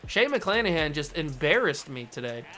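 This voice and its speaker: Playing a baseball video game, a young YouTube host gives commentary at normal speed in a fairly high, sharp and very animated voice. He pokes fun at himself and grows exasperated whenever he slips up.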